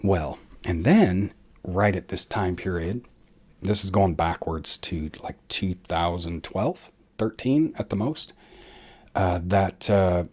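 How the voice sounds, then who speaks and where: Rich: A man with a fairly low voice tells a personal story as a podcast host. He wanders and backtracks, often pausing on "um" and "uh" and correcting himself as he goes. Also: expressive, darkish tone, slightly rough. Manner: rambling, full of fillers and self-corrections.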